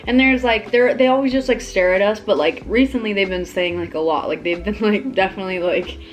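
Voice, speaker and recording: A young woman tells a story in relaxed chat, stringing her sentences together with "like" over and over. Her pitch is middling. Quiet music plays in the background. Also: a little fast. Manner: rambling, heavy use of "like". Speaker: vlog guest. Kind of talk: casual chat.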